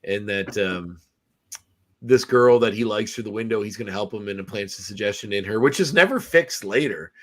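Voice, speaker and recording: Casual low male voice, ish host chatting through a movie recap, loose and filler-heavy. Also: normal speed, a bit bright, slight background noise. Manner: rambling recap with many fillers and restarts. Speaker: podcast host. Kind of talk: casual movie review chat.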